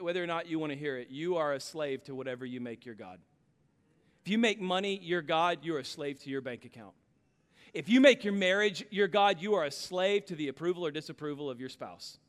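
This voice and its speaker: A man in his thirties preaching a sermon, telling stories with passion and building to loud climaxes. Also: a little high, long reverb tail. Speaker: pastor.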